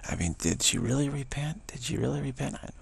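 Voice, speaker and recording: A man telling spiritual stories in a meandering, conversational way, with a gravelly, husky voice. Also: mid-range voice, expressive, fairly quick. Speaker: spiritual teacher. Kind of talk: casual spiritual storytelling.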